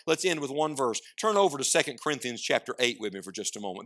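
A man preaching a sermon, swinging from loud declarations to hushed asides and prompting the congregation to answer. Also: medium pitch, very animated, quick pace, few pauses. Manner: asks the congregation questions and prompts replies.

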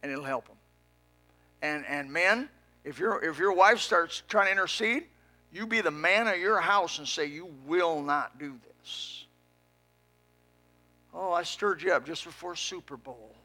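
Brief: male pastor, fiery sermon, hushed-to-shouting swings, a bit high, very bright and forceful. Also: expressive, normal speed. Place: church sanctuary with a congregation.

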